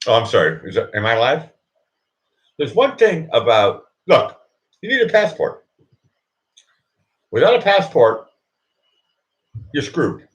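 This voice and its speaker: A man hosting his own live show, talking in a rambling comic monologue that keeps looping back on itself and restarting. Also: mid-range voice. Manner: rambling, keeps repeating "look", stops and restarts.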